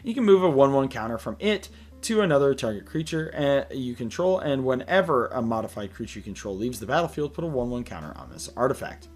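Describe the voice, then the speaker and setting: A tired man hosting a card game deck walkthrough, reading card text aloud in a relaxed way with many "uh" fillers, recording late at night. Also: medium pitch, fast. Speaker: deck tech host.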